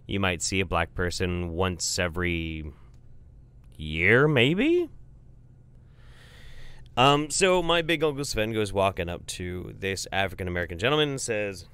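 Low-voiced man telling a profane comic story. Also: a little slow, long pauses, smooth. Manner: profane, rambling, animated. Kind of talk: casual comedic storytelling.

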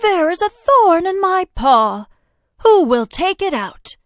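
Woman voicing a whiny, loud storybook lion with a sore paw; pitched way up, slow pleading lines. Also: very animated, slight background noise, full character voice. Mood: pained. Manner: loud, high, pleading cries.

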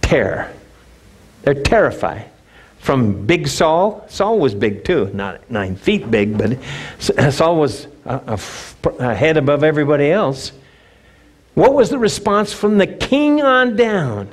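A male pastor preaching a sermon, telling a story with animated, emphatic repeats. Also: on the high side, slow pace.

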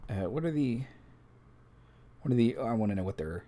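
A man's voice: mid-range voice, lively intonation, a little fast, dark tone, slight background noise. A man hosting a live stream, reading tabletop game rules aloud and adding casual asides to the chat. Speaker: game master and stream host.

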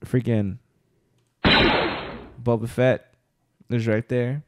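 Dude on a podcast rambling about a movie, lots of swearing and laughing, slow drawl, super dry sound. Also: male voice, mid-range voice, level tone, a bit bright, no echo. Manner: profane, rambling, laughs often. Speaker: podcast co-host. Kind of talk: casual chat recapping movies.

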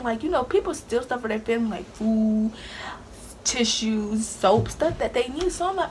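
A young woman telling a storytime vlog in a sassy, animated way, talking with attitude. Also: on the high side, moderate pace, slight background noise. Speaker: vlogger. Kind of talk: casual storytime.

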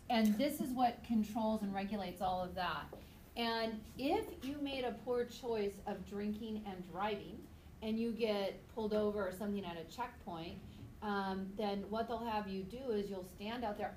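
A woman teaching a high school biology class, chatty and goofy, telling stories between points. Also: normal speed, a little mellow, roomy sound, a little hiss or hum, low-quality recording. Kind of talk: classroom lecture with anecdotes.

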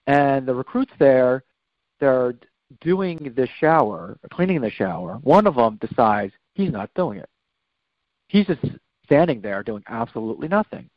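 A man with a mid-range voice appears as a podcast guest, telling a rambling personal story and often correcting himself. The recording is dry and slightly dull, with no room sound.

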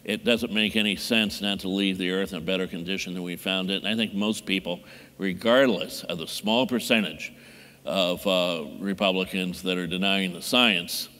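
A deep-voiced man with a bright, forceful tone gives a deliberate talk on a panel. He speaks in measured phrases, and his voice rings with a long reverb from a large hall. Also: fairly even intonation. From Indiana. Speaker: mayor, panelist. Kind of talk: conference talk.

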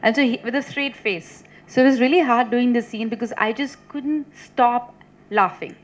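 A woman, a film actress at a press meet, telling lively stories and teasing with many fillers and restarts. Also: on the high side, normal speed. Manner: teasing, laughs often. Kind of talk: chatty press meet answers.

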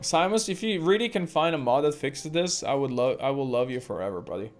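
This woman, a gameplay streamer, rants over her let's play with a very deep voice, lively intonation and a fairly quick pace. She swears constantly while railing at the game, with faint music playing behind her.

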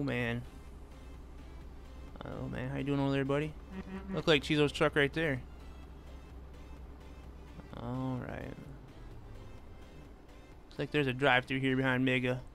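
A man's voice: mid-range voice, flat delivery, takes it slowly, gravelly, long pauses, fairly bright tone, faint music behind. A man casually chatting with his viewers while he plays a truck-driving game, reading their messages and answering them by name. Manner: laid-back, reads chat aloud and answers viewers. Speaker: gaming streamer. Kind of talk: casual live-stream chat while driving.

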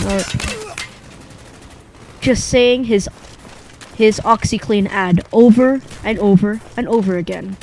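A young man telling a rambling, improvised comic story in a deadpan way, pausing often. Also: high-pitched, a little hiss or hum, rough recording. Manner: rambling, deadpan, with long pauses.

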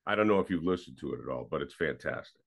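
A man's voice: extremely low pitch, expressive, very fast. A man co-hosting a sports podcast in casual, enthusiastic chat that sometimes trails off mid-thought. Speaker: podcast co-host.

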